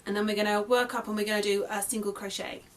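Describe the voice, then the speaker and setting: This young English crochet designer talks fast in a medium-pitched, level voice. She's running a casual beginner's tutorial, chatty and friendly, correcting herself frequently as she goes along.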